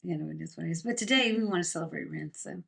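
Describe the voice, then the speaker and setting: A woman's voice: lowish voice, very fast, vocal fry, fairly bright tone, breathy edge. A middle-aged woman co-hosting a podcast, chatting casually over wine, rambling and laughing often. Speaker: podcast co-host.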